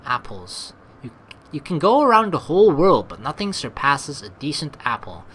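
A woman's voice: deep voice, big pitch swings, moderate pace, a bit bright, slightly rough. A woman doing a casual let's play commentary, reading game text aloud and joking and swearing as she goes. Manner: chatty, swears and laughs at own jokes.

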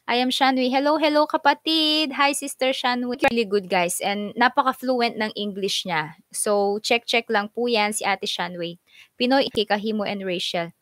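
A woman's voice: medium pitch, normal speed, a bit bright, dry recording. A woman hosting a casual live stream, bubbly, reading out and greeting viewers by name.

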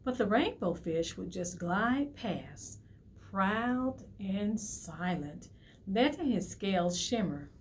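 A woman reads a picture book aloud to young children with a lively, animated voice, stopping to ask the little listeners questions. Her pitch sits in the middle of the range. Faint noise is in the background. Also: takes it slowly. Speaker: library storytime host. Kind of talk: reading a picture book to preschoolers.

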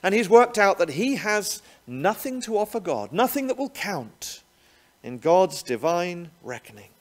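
A man's voice: high voice, very animated, unhurried. A man preaching a sermon, often ending points with rhetorical tag questions. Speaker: pastor.

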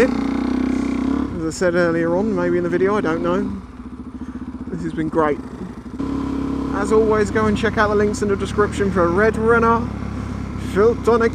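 A man chatting casually and jokingly while riding, narrating his motorcycle vlog. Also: sits high. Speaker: motorcycle vlogger. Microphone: helmet-mounted action camera mic. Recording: loud wind and engine noise.

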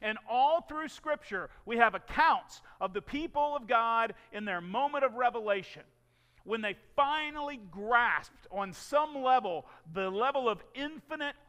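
A pastor delivers a sermon in a bright, ringing voice that sits high for a man. He preaches emphatically, swelling on key phrases and dropping low on others. The sound carries a long reverb from the church hall. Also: lively intonation, unhurried. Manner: emphatic preaching, rising and falling for stress.

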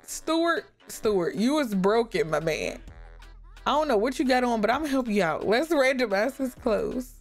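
Chatty woman commenting on a life-sim game. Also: on the high side. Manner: lively, chatty, talks to the viewers as y'all. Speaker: gaming YouTuber. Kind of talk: casual gameplay commentary.

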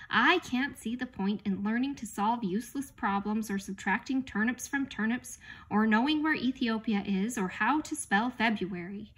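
A woman's voice: a little high, moderate pace, fairly bright tone. A woman voicing a bored, glum young boy who grumbles and complains in a storybook reading. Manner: sulky, complaining.

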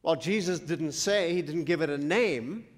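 A pastor preaching a sermon, slow and emphatic, quizzing the congregation. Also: male voice, fairly high pitch. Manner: slow, emphatic preaching with call-and-response questions. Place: church sanctuary. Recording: long church hall reverb.

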